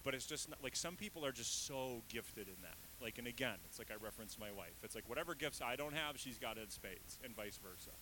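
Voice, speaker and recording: A man's voice: medium pitch, expressive, fairly quick, hardly any pauses, background noise. A man in his thirties, a pastor giving a conversational sermon with candid, self-deprecating asides. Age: 30s.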